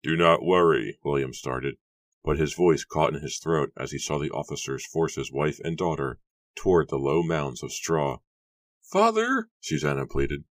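A man's voice: extremely low pitch, fairly even intonation, normal speed, darkish tone, dry recording, studio quality. A man narrating an audiobook with an intense, emotional delivery. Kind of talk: dramatic audiobook reading.

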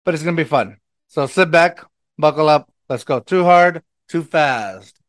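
A man with a Mexican accent hosting a podcast in casual chat, excitable and rambling, laughing often and restarting sentences. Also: fairly high pitch, measured pace, no echo, studio quality. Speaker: podcast host.

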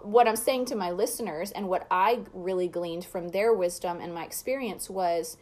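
A woman's voice: fairly low pitch, normal speed, darkish tone. A woman hosting a podcast, chatting casually and reflectively with her guests. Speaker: podcast host. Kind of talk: casual interview chat.

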